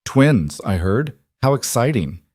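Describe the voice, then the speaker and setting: A man's voice: medium pitch, sing-song, slow pace, darkish tone, no room sound. A man voicing a scheming mafia wife who talks with syrupy, conspiratorial false sweetness. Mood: falsely sweet.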